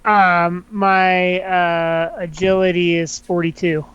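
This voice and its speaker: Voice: medium pitch, flat delivery, slow pace, a bit bright, smooth, highs cut off. Casual tabletop player thinking aloud. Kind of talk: casual tabletop game play.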